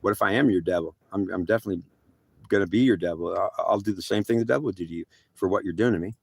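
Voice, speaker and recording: A man's voice: low voice, rapid-fire, vocal fry, husky, no echo, heavily acted. An older man voicing God as a stern, threatening male figure who scolds and repeats his threats.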